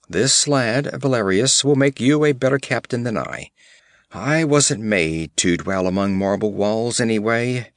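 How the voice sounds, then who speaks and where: A man voicing a gruff, battle-hardened barbarian warrior chief who speaks bluntly, in a dry storybook reading. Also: medium pitch, no room sound. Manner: blunt, rough, commanding.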